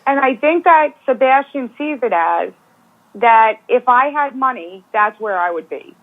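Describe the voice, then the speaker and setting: A woman's voice: on the high side, expressive, a little slow. A woman guest giving speculative, opinionated views in a casual true-crime discussion over a phone call. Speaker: guest commentator. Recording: tinny phone line.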